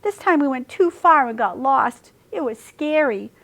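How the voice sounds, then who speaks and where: A woman's voice: high-pitched, lively intonation, unhurried, fairly bright tone, pitched above the performer's own voice, exaggerated voice. A woman voicing a small, frightened spoon who speaks in a shaky, tearful way in a storybook reading.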